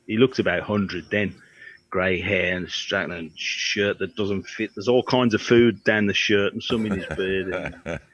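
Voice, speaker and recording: A man's voice: sits low, fairly even intonation, a little slow, fairly bright tone, no echo. Middle-aged man spinning anecdotes. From Birmingham, England. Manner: rambling anecdotes, acts out quoted voices. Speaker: guest, guitar tech. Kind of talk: casual storytelling interview. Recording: dry, slightly dull audio.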